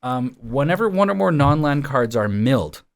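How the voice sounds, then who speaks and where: A man in a loose, casual podcast chat, stopping and starting as he reads card rules aloud. His voice sits at a middling pitch. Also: big pitch swings, gravelly. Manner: reads card text aloud, halting with fillers. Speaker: podcast host.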